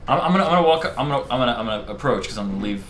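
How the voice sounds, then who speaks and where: A man's voice: mid-range voice, lively intonation, very fast, fairly bright tone. A man playing a tabletop game, eager and full of restarts, acting out his character's lines. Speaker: player. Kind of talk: casual tabletop role-play. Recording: echoey room with faint noise.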